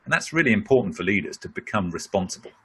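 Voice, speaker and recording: Middle-aged man, webinar expert: low-ish, husky, bright voice, chatty explainer. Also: very animated, fast talker. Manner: explanatory, conversational, with many "you know" fillers. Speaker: speaker on leadership. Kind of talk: webinar answer to a question.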